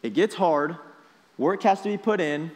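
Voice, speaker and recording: A young man preaches to a youth group, casual and energetic, keeping the students involved with quick questions. His voice sits a little high. The long reverb of a large hall trails behind his words. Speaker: youth pastor. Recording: echoey hall.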